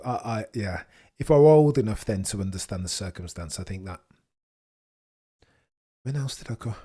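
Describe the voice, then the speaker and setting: A man's voice: on the low side, dark tone, slightly rough. A man in his thirties hosting a casual livestream, chatty and self-mocking, talking to his viewers with many restarts, sounding tired. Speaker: livestream host.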